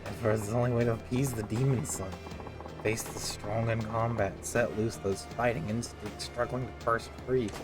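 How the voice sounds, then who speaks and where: Homem imitando velho mestre marcial solene. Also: male voice, on the low side, fairly even intonation, moderate pace, music in the background, lightly acted. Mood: solemn. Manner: solemn, preachy, odd put-on accent. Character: old stern male martial arts master.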